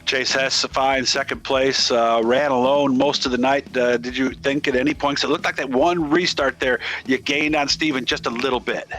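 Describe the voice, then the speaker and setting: A man's voice: mid-range voice, steady tone, moderate pace, few pauses, fairly bright tone, faint music behind. A man hosting a racing broadcast, chatting casually with drivers in post-race interviews and asking friendly, leading questions.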